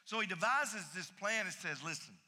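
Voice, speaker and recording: Guy preaching, super bright voice, kinda high, long hall echo, repeats himself for punch. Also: expressive, a little slow. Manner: emphatic preaching, repeats phrases, swings loud and soft. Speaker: pastor. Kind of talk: sermon.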